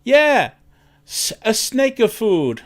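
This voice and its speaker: A man's voice: sits high, animated, pitched above the performer's own voice, full character voice. A man putting on a heavy-accented old customer. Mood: insistent, puzzled. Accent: imitated Italian. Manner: halting, questioning, hesitant. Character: older male customer with heavy foreign accent.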